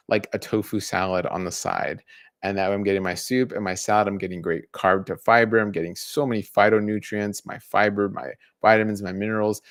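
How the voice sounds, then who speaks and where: A man's voice: lowish voice, no room sound, clean studio sound. A man in his thirties, a dietitian hosting a live stream, explaining casually and counting off points in a list. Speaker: dietitian host.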